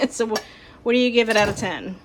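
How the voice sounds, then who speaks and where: A woman's voice: on the high side, animated, normal speed, slight background noise. A woman hosting a casual home cooking demonstration, chatty and upbeat, laughing often. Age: young adult to middle-aged mom. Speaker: cooking channel host. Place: home kitchen.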